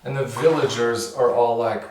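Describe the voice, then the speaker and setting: A man's voice: steady tone, normal speed, a little mellow, slight background noise, close to an everyday voice. Crude rambling storyteller in a comedy sketch, a man doing it, echoey and off-mic. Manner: profane, rambling storytelling with squeaky village voices. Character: crude, rambling man, a naked alter ego telling a mock parable. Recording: echoey room, far from the mic.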